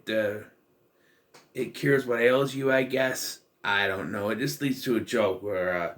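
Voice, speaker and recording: Male film vlogger, mid-pitched, casual and rambling, dry sarcastic asides. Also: a bit bright. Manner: rambling, with many fillers and restarts; wry, sarcastic. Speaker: movie reviewer. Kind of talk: casual spoken film review.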